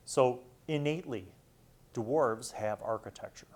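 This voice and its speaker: A man's voice: mid-range voice, a little slow, darkish tone. A man hosting casual, joking commentary as he reads through a game rulebook, irreverent and swearing now and then. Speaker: host.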